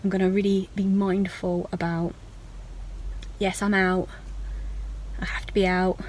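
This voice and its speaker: A woman's voice: medium pitch, little pitch movement, unhurried, a little mellow, rough recording. A woman chats to camera in a casual vlog diary. She rambles from one thought to the next and pokes fun at herself, with her voice sitting mid-range. Faint noise hums behind her. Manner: chatty and rambling, with self-mocking asides. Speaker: vlogger.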